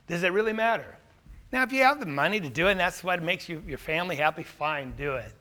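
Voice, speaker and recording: Middle-aged male pastor, high and lively delivery, animated sermon storyteller. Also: fast. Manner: animated storytelling with rhetorical questions.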